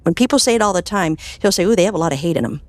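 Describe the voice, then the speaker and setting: A woman, a clinical hypnotherapist, talking as a guest in an interview, telling stories with animated swings up in pitch and soft whispers on quoted phrases. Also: rapid-fire, dry recording. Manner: animated storytelling, voice jumping high with enthusiasm. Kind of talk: conversational interview.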